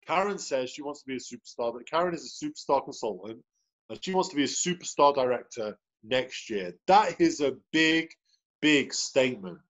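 A man's voice: mid-range voice, lively intonation, a little fast, a bit bright. A man hosting a sales team video call, chatting cheerfully and greeting people one by one. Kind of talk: upbeat motivational team call. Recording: dull lo-fi video call audio.

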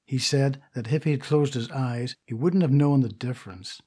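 A man reading the part of a vain, indignant stage actress in an audiobook, telling her tale in a gossipy, confiding way with a husky voice. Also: mid-range voice, normal speed, mellow, lightly acted. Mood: indignant gossip. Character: vain grand stage actress, middle-aged woman.

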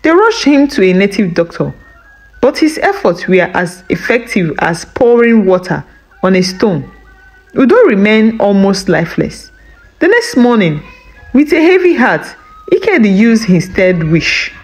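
A Nigerian woman telling a folktale, her voice full of lively rises and falls. She narrates a scripted story with a sing-song, expressive delivery at a middle pitch. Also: unhurried, soft background music, rough recording.

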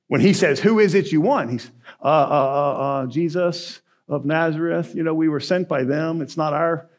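A pastor delivers his sermon in a fairly high-pitched voice. He surges loud and emphatic, then drops to low, quiet asides, with the cadence of the pulpit.

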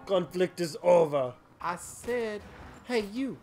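A let's play commentator who yells, taunts enemies and swears a lot while playing. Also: mid-range voice, very animated, takes it slowly, pauses often. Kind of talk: gameplay commentary.

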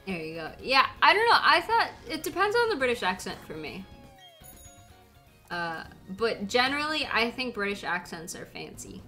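Giggly woman with a bright voice. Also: on the high side, very animated, moderate pace, faint music behind. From United States. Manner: giggly, laughs often, rambling. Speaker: streamer. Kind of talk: casual chat while playing a game.

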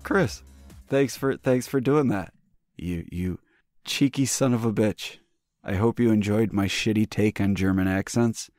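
Podcast host, man, very low voice, swears freely, dry close sound. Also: a little slow, a little mellow, dry recording, soft background music. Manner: profane, joking. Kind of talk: casual chat.

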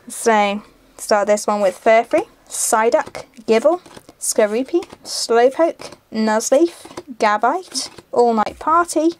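A woman's voice: fairly high pitch, lively intonation, very slow, slight background noise. Giggly young woman reading cards. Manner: chatty, giggly, repeats herself. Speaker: channel host opening card packs. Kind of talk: casual chat while opening booster packs. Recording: faint music behind.

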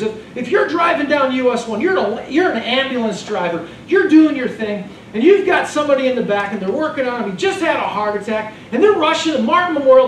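A man preaching a sermon as pastor, animated and joking in a conversational way. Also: very high-pitched, a little hiss or hum. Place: church sanctuary. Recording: echoey room from far off.

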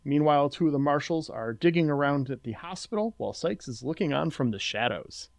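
A man co-hosting a podcast, summarizing a movie's plot in a steady recap and chatting about it. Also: fairly high pitch, a little fast, vocal fry, crowd noise. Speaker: podcast co-host recapping the film. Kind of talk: casual recap and chat.

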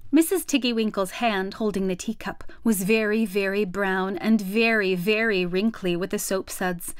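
A woman reading a children's storybook aloud in a gentle, measured storytelling manner. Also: mid-range voice, clear, resonant tone, no echo. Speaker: storybook reader.

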